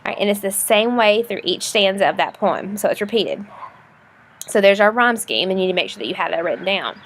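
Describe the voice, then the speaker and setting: A woman teacher explaining a lesson for a recorded video in a casual, chatty way, often pausing with fillers and restarting her sentences. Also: mid-range voice, lively intonation, a bit bright, a little hiss or hum. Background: passing trucks.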